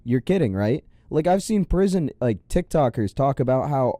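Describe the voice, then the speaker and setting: A man's voice: medium pitch, very animated, normal speed, mellow, no echo, studio quality. A young man hosting a reaction commentary video, sarcastic, profane and incredulous.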